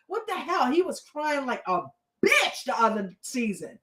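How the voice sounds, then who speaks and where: A woman's voice: a little high, expressive, moderate pace, a bit bright, roomy sound, rough recording. A woman hosting a casual reality TV recap, blunt and chatty, swearing freely. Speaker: reaction show host.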